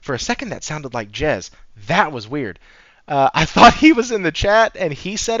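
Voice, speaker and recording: A man hosting a casual gaming news podcast, talking in an animated, profane, sarcastic way and laughing often. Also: on the high side, normal speed, dry recording. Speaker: podcast host. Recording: dry, slightly dull audio.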